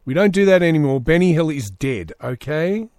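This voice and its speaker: A man's voice: a little high, lively intonation, normal speed, a little mellow, no room sound, studio quality. A man hosting a solo comedy podcast, reading news aloud with sarcastic asides. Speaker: podcast host.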